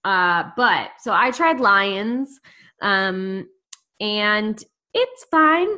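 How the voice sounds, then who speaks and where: A woman's voice: mid-range voice, animated, extremely slow, pushed and bright. An American woman co-hosting a podcast, chatting casually and playfully and laughing often. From United States. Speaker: podcast co-host. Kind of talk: casual chat.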